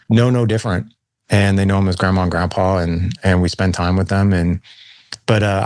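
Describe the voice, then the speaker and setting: A man's voice: sits low, no echo, clean studio sound. A man in his forties, a podcast guest telling his life story in a casual way, using "man" and "like" often. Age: 40s. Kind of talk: storytelling in conversation. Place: Saint Louis.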